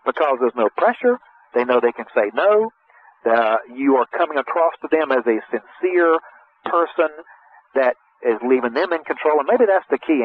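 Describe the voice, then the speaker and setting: A folksy middle-aged man explains sales technique over a tinny, phone-like line with a faint hiss. He talks in an easy, conversational way and slips into lively acted-out exchanges. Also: medium pitch. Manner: folksy, animated, acts out sales dialogue in raised voice. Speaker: sales trainer. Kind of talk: conversational coaching talk.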